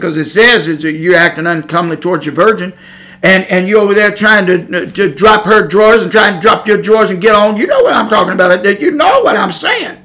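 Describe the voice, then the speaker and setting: A middle-aged Pentecostal preacher man delivers a blunt, folksy sermon. His voice sits high and sounds bright and forceful. He talks plainly and keeps pressing his point home.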